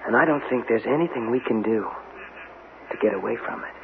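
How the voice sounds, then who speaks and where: An actor playing a wary husband on a weekend stay in a 1970s radio drama, dry and skeptical at first and then grave. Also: male voice, medium pitch, fairly quick, vocal fry, background noise, lightly acted. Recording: narrow-band old radio broadcast.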